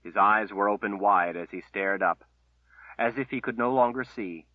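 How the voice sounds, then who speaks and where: Low husky guy reading a fantasy book, dry, tinny phone sound. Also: moderate pace, no echo. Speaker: audiobook narrator. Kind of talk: scripted fantasy narration.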